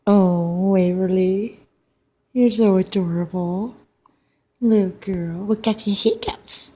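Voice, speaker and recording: An older woman, a grandmother, talks in soft, repetitive baby talk while she films at home. Her voice is mellow and a little breathy, and she speaks slowly and fondly. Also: mid-range voice.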